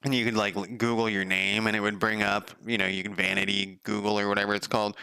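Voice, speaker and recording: Gravelly, swearing streamer guy. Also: fairly low pitch, flat delivery, fast talker, bright, forceful tone, no room sound. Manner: profane, sardonic, rambling. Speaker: game developer streamer. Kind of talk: casual live coding commentary.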